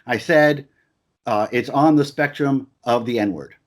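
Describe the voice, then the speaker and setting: Man, heated discussion, emphatic, stammered restarts, repeats himself, middle pitch. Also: a little slow.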